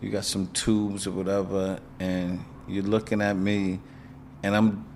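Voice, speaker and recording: A man's voice: low voice, little pitch movement, unhurried, darkish tone, slight background noise. A middle-aged man with a New York accent, hosting an interview and speaking plainly and with emotion. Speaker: podcast host. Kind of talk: interview conversation.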